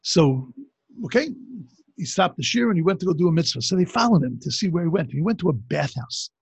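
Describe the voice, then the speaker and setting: A man's voice: on the high side, sing-song, fairly quick, creaky, breathy edge, dry recording. A man giving a religious teaching talk, telling stories in a loose, conversational way with frequent restarts. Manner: conversational storytelling with many restarts. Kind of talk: Torah class talk. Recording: dull lo-fi recording.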